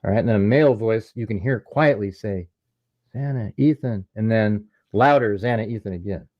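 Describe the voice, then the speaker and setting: A man's voice: lowish voice, brisk, muffled recording. A man giving a casual, step-by-step breakdown of a recording and pointing out its details. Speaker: true crime commentator. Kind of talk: casual analysis, walking through a recording.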